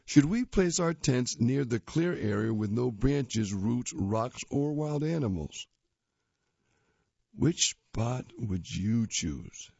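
A man's voice: mid-range voice, vocal fry, a little mellow, slightly rough, no room sound, highs cut off. A man reading children's comic strips aloud in a playful, jokey way, doing voices for the characters.

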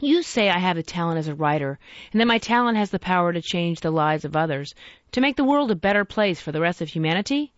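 A woman's voice: fairly low pitch, animated, fast talker, no echo, close to an everyday voice. Lady doing an earnest worked-up victorian author guy, swoops around a lot, dry muffled recording. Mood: despairing. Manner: earnest, pleading, oratorical. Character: troubled, impassioned male Victorian author, middle-aged.

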